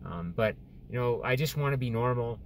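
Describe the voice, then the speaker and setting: A man recording a personal video diary about his surgery recovery, speaking haltingly with many restarts, depressed and close to tears. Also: medium pitch, expressive, a little hiss or hum. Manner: halting, many restarts and fillers, openly discouraged. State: depressed and tearful. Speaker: vlogger sharing surgery recovery. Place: in and around a store.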